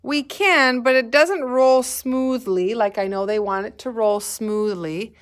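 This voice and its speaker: A woman teaching a kindergarten math lesson, speaking patiently and asking the children to repeat words after her. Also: a little high. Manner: slow, patient, sing-song prompting for children to repeat. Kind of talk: recorded remote lesson.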